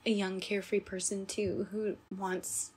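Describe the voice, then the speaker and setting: A young woman co-hosting a casual podcast chat, telling stories in a warm, emotional way that turns tearful. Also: medium pitch, little pitch movement, measured pace, slightly rough. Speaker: podcast co-host.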